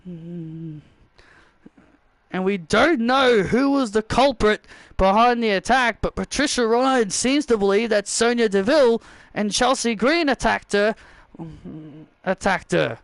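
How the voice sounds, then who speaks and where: A man giving excitable play-by-play commentary over a wrestling video game, often shouting the calls. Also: high voice, takes it slowly, dry recording.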